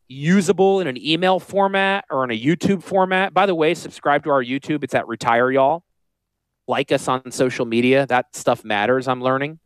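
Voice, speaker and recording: Lively high-voiced Northern US radio host. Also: male voice, no room sound. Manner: rambling, salesy and joking. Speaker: financial planner and radio host. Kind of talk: casual radio talk show.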